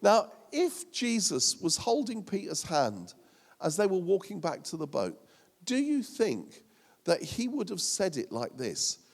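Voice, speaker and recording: A man's voice: high voice, huge pitch swings, a little slow, vocal fry. A man preaching a sermon as a pastor, humorous and self-mocking, with many fillers. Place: church hall. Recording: long church hall reverb.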